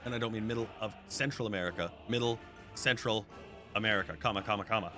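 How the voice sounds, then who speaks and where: Guy streaming, lowish voice, rambling to chat w/ music playing behind. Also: quick pace. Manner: chatty, talks to his chat while playing. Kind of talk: live gameplay commentary. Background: background music.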